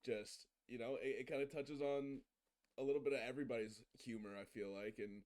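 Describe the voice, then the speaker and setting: A man of average pitch chats loosely on a movie podcast, stringing thoughts together with plenty of fillers. He swears casually as he talks. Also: fairly even intonation, a little fast, darkish tone. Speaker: podcast co-host.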